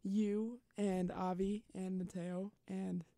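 A woman's voice: medium pitch, little pitch movement, slow pace, warm tone, dry recording. A young woman co-hosting a student radio show, chatting casually and teasing her co-host with frequent giggles. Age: young adult. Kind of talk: casual chat.

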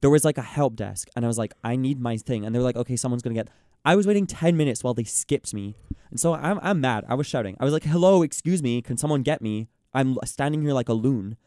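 A young man in casual chat, ranting in an exasperated, animated way and mimicking the people he quotes. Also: mid-range voice, quick pace, dry recording, clean studio sound. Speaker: podcast host.

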